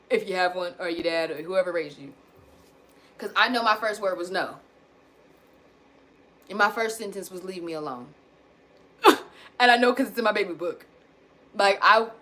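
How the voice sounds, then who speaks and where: Blunt, bright-voiced woman venting candidly. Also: mid-range voice. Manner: blunt, swears casually, animated storytelling; addresses viewers as y'all. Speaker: self-help vlogger.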